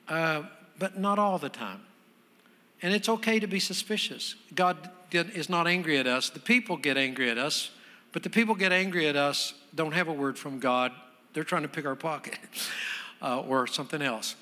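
A man preaching as a guest pastor, telling a story in a conversational way that builds into loud, emphatic preaching. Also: fairly high pitch, in a large hall. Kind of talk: sermon storytelling.

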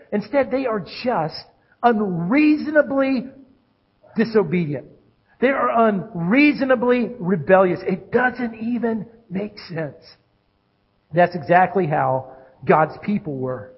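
A man preaching a sermon in a high, husky voice. He swings between ringing calls and quiet, hushed lines, and the audio sounds dull and muffled. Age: adult with children. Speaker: pastor.

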